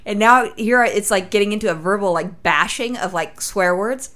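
A woman's voice: medium pitch, normal speed, a bit bright. A woman from Los Angeles telling a crude story in casual chat, swearing freely as a podcast host.

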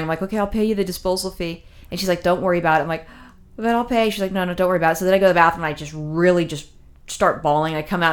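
A woman telling a long personal story in casual chat, rambling with many fillers and restarts, emotional as she recounts it. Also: fairly low pitch.

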